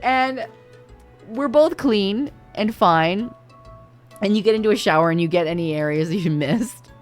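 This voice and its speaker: A woman's voice: mid-range voice, a little slow. Woman streamer, casual story time, laughs a lot, swears freely, faint music behind. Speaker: livestreamer. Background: faint background music.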